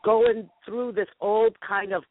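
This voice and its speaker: A woman's voice: mid-range voice, fairly even intonation, takes it slowly. A woman with a Boston accent hosting a call-in interview, chatty and teasing. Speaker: radio show host. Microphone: phone. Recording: tinny phone line.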